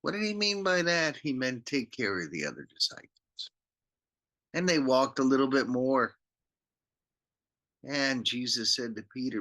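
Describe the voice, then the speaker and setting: Man, pastor, children's Bible story, lively pitch, slow pace, bright tone. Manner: animated, slow, acts out the characters.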